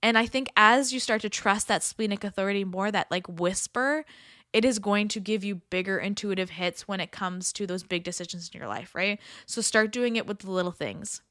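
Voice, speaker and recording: A woman's voice: medium pitch, moderate pace, fairly bright tone, no room sound, studio quality. Chatty upbeat woman podcast host. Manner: chatty, upbeat, many filler "like"s. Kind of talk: casual coaching talk.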